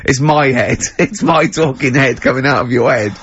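A man's voice: mid-range voice, normal speed, fairly bright tone, breathy edge, highs cut off. A man hosting a casual radio show, teasing and laughing as he talks, hungover. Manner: teasing, laughs often, mock-exasperated.

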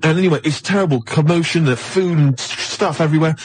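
A man spins a rambling, comic story at high speed. He repeats himself and keeps checking in with "right?". His voice sits slightly high. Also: quick pace, husky. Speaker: guest storyteller. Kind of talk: casual comic anecdote.

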